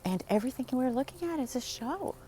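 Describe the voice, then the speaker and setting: A woman's voice: high voice, animated, fast talker, warm tone, slight background noise. Rambling woman in her sixties, outdoors. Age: 60s. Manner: rambling storytelling, acting out quotes. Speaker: vlogger. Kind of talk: casual chat while walking. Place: outdoors in the desert.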